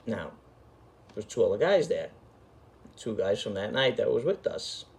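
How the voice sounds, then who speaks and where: A man's voice: lowish voice, sing-song, measured pace, creaky, a little mellow. A middle-aged man, telling a story in an emphatic, profane, street-talking way. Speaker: storyteller host. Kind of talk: casual storytelling.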